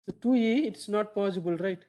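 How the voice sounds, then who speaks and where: A man lecturing to a class in a fairly high voice. He keeps quizzing his students, echoing their answers back and tagging "right?" onto his points. His talk is loose and full of "so". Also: brisk, mellow.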